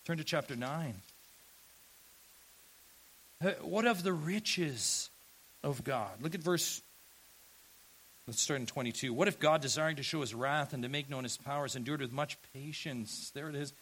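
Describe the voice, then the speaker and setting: Male pastor mid-sermon; higher-pitched, earnest, emphatic, rhetorical questions throughout. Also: normal speed, pauses often, fairly bright tone, breathy edge, low-quality recording.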